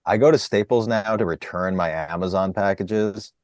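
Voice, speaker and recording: Deadpan comedian with a dry sound. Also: male voice, deep voice, normal speed, no echo. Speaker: comedian guest. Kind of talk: casual chat.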